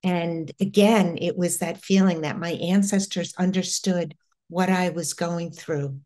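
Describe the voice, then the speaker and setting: A middle-aged woman from the United States recounts a personal spiritual experience. She speaks very slowly in a fairly low voice, pausing and restarting her sentences often. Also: fairly even intonation, darkish tone. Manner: slow, halting, with many restarts. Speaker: interview guest.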